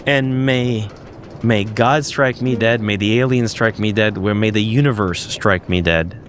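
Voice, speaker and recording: A man's voice: fairly low pitch, measured pace, slight background noise. A man, a podcast guest and investigator, recounting a strange sighting in an emphatic way, often restarting and searching for words.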